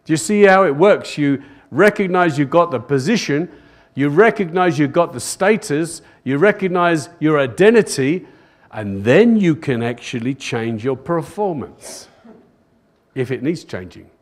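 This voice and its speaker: A man's voice: a little high, lively intonation, a little slow. An older man, a pastor, preaching a sermon to a live congregation in a church, repeating phrases for emphasis and calling out "Amen?" to the room. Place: church service, recorded live.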